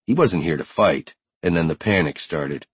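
A man's voice: low voice, animated, moderate pace, breathy edge, no room sound. A man narrating a first-person audiobook with tense, driven storytelling.

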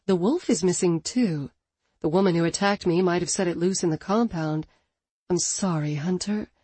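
A woman voicing an injured pregnant woman in an audiobook, speaking gently and reassuringly. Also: lowish voice, moderate pace, breathy edge, no echo. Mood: soothing.

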